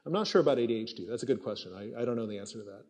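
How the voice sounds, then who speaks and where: A neuroscience professor answers audience questions at a university assembly, his medium-pitched voice expressive, rapid-fire and a little mellow. He's conversational, thinking aloud and using frequent fillers as he responds in this lecture Q&A.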